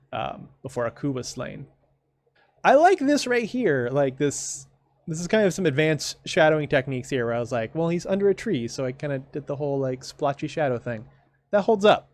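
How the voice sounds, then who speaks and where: A man giving casual commentary on his own comic, rambling along with dry, sarcastic asides. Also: mid-range voice. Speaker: comic creator.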